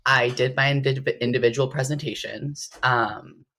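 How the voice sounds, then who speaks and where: A woman guest in a casual interview, telling stories with strong emotion and big swings in her voice. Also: normal speed. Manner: animated, emotional storytelling with big pitch swings. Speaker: interview guest, competitive bodybuilder.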